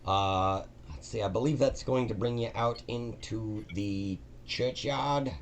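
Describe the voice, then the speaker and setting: A man's voice: fairly low pitch, slow, slight background noise, voice pushed up. A man voicing a nervous, newly hired male dungeon cleaner who rambles hesitantly and apologizes a lot. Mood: rambling.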